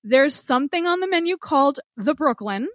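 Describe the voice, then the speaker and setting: Woman podcast host ranting a funny story, swears a lot, bit high voice, dry close mic. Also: a little fast, dry recording. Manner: animated storyteller who swears and acts out quotes. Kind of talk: casual chat.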